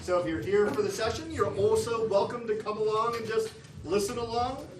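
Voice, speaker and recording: A man hosting an evening at a music venue, giving relaxed announcements to the audience. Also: sits high, fairly quick. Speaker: event host announcing. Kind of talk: announcements at a live event. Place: live music cafe venue. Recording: echoey room, distant mic, crowd noise. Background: crowd chatter.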